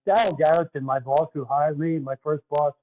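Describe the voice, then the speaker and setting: A man's voice: a little high, fairly even intonation, moderate pace, a little mellow, poor audio. An older man with a Philadelphia accent, a guest telling stories in an earnest, conversational way. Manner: earnest, storytelling. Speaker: guest, retired basketball referee. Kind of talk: casual interview talk.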